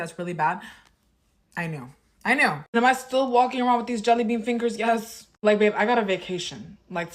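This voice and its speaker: A young woman vlogger telling her own nail-salon fail in a sassy, dramatic, self-mocking way. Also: mid-range voice. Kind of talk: storytime vlog.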